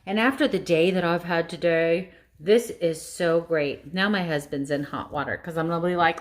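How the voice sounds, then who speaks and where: Chatty lower-voiced woman vlogging. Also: moderate pace, few pauses. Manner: chatty, rambling, self-correcting. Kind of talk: casual chat.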